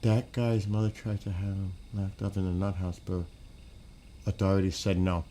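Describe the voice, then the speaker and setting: A man's voice: sits low, flat delivery, normal speed, warm tone, slight background noise. Blunt, cursing man chatting on stream. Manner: blunt and agitated, swears often, rambling with restarts. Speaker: gaming streamer. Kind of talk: casual live-stream chat.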